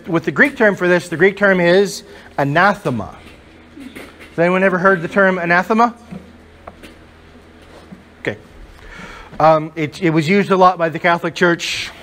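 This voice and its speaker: A man's voice: high-pitched, fairly bright tone, slight background noise. A male pastor preaching a sermon to a congregation in church, emphatic and full of rhetorical questions.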